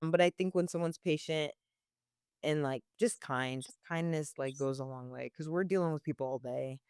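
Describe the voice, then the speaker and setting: A woman's voice: low-pitched, normal speed, darkish tone, smooth, dry recording, clean studio sound. A young woman working as a barista, answering interview questions casually with many "like" fillers and frequent laughs.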